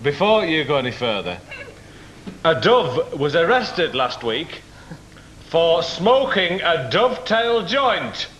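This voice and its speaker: A man co-hosting a comic quiz show, delivering absurd jokes deadpan. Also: fairly high pitch, slow pace, muffled recording. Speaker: game show co-host. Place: TV studio. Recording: echoey studio with loud noise.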